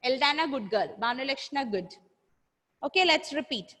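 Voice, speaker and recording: A woman's voice: high-pitched, expressive, a little slow, pauses often, a bit bright. A woman teacher, leading an online class and drawing out words for children to repeat. She praises and scolds pupils by name in a firm way. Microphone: video call. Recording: long reverb on voice.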